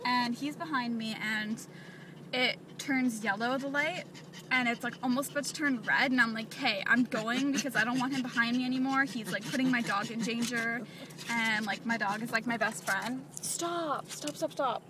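Young woman vlogger, higher voice, chatty venting, distant mic, road noise. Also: fairly even intonation, moderate pace. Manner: chatty, frequent "like" fillers, annoyed venting. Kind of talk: casual vlog while driving. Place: inside a car.

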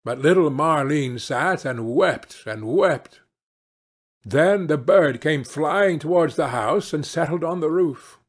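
A man narrating a fairy-tale audiobook in a slow, deliberate reading. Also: on the high side, lively intonation. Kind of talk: audiobook storytelling.

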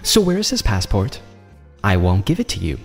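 A man voicing a scheming, greedy young wife who talks in a sharp, demanding way. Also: on the low side, huge pitch swings, moderate pace, long reverb tail, faint music behind. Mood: cold suspicious.

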